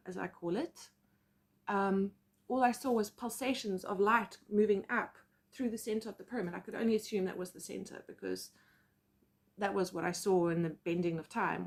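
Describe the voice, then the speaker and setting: Animated South African woman storyteller. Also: medium pitch, vocal fry. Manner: animated, acts out quotes. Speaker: psychic medium. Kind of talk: casual storytelling vlog.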